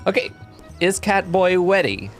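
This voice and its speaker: Man streaming a game, casual chat, relaxed, lively pitch. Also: unhurried, soft background music. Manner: relaxed, chatty, swearing. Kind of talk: casual let's-play chat.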